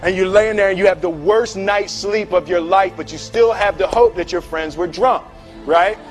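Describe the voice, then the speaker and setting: A man giving a humorous motivational talk, telling a story with animated delivery, acting out voices, often laughing and checking in with "right?". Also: sits high, moderate pace, soft background music. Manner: repeats words and tags lines with "right?". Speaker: speaker.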